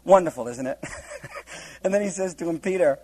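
A man's voice: on the high side, animated, brisk, dark tone, slightly rough, low-quality recording. A man preaching a humorous verse-by-verse Bible teaching, laughing often and acting out the scenes in different voices.

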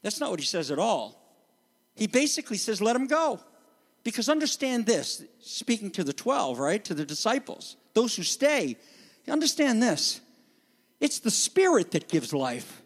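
A man preaching a sermon as pastor, animated and conversational, acting out the voices he quotes. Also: high-pitched, moderate pace, big-room sound.

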